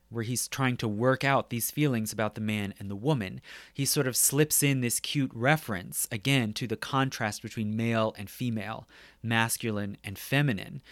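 A man's voice: medium pitch, no room sound. A man lecturing on poetry in a conversational way, often checking in with his listeners. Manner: conversational, tags points with "right?". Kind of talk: academic lecture.

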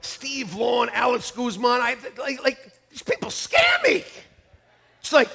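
A male pastor preaching a sermon to his congregation, telling stories in a lively way that swings from loud outbursts to quiet asides. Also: extremely high pitch, measured pace, gravelly, breathy edge. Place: church sanctuary.

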